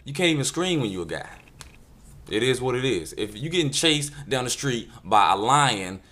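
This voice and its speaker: A man delivering a jokey comedic video monologue, animated storytelling with deadpan asides. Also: mid-range voice, normal speed. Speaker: comedian vlogger.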